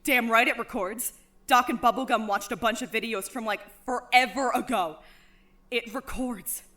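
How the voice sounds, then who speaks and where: A woman voicing a hot-headed, reckless student who shouts and swears in a fan audio drama. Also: a little high, normal speed. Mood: smug.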